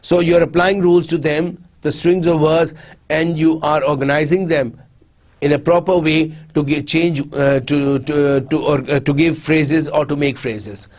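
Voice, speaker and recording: A man's voice: on the high side, fairly even intonation, moderate pace, a little mellow. A man giving a recorded university lecture, explaining step by step and often repeating and restarting his phrases. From Pakistan.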